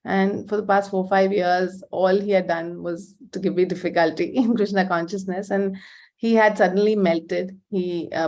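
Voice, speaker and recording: Hesitant woman recalling her teacher. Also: mid-range voice. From India. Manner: hesitant, many fillers, heartfelt. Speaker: devotee giving a talk. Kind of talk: personal testimony talk.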